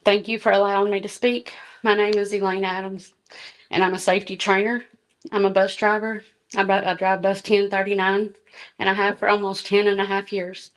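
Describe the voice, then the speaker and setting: A woman's voice: mid-range voice, flat delivery, normal speed. A middle-aged woman, a school bus driver giving an earnest, emotional public comment from her notes. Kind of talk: public comment at a board meeting.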